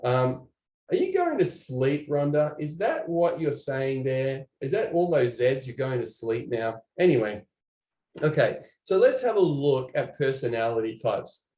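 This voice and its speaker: A man giving an online training presentation, animated and chatty, talking to viewers in the chat. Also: medium pitch, unhurried, echoey room.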